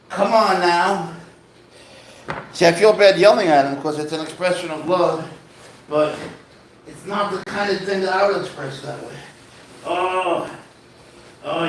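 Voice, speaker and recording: A man's voice: high voice, a little hiss or hum. A man and teacher chatting on a live stream at home, talking baby talk to his pet, swearing and rambling between asides. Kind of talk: casual live stream chat.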